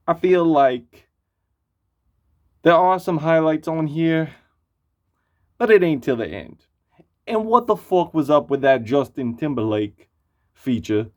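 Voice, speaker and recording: A man giving a casual spoken album review, blunt and profane, rambling with lots of fillers. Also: a little high. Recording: muffled lo-fi recording.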